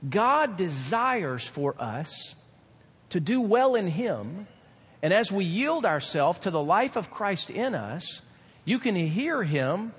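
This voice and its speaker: Animated high-voiced male pastor preaching. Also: slow, breathy edge, big-room sound. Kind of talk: sermon.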